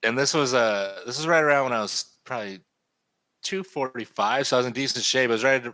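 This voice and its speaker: A man telling a story in a casual chat while he draws, animated and swearing freely. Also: medium pitch, fairly quick, dry recording. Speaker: artist and stream host.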